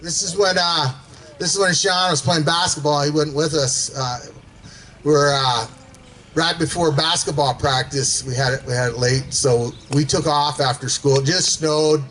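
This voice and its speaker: A man's voice: fairly high pitch, steady tone, moderate pace, fairly bright tone, a little hiss or hum, rough recording. A man telling casual stories to a gathering, rambling with fillers and chuckling as he goes. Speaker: storyteller at a gathering. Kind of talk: casual storytelling.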